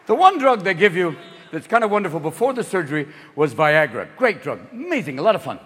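A man in his fifties performs a profane stand-up routine, his voice very high and leaping wildly up and down. He swerves manically between riffs, and faint audience noise sits behind him. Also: sing-song, quick pace, long reverb tail, crowd noise. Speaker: stand-up comedian. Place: stage before a live audience.

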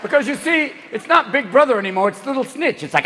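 High energy guy doing stand-up, swearing a lot, lively voice, crowd faint behind. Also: quick pace, big-room sound, background noise. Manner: manic, profane, jumps into voices. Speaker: stand-up comedian. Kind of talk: stand-up comedy set. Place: comedy stage before a live audience. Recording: live show with faint crowd.

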